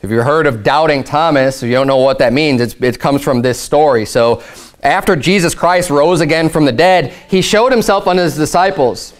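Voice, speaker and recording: A male pastor preaching a conversational sermon, emphatic and explanatory, slowing down to read scripture. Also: on the high side.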